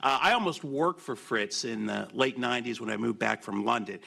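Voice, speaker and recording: A man at a conference podium delivers a policy speech, his voice bright and forward at a middle pitch. He opens loose and joking, then reads his prepared remarks with rising emphasis on the quotations. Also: moderate pace, gravelly. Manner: lively, quips before formal remarks. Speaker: keynote speaker.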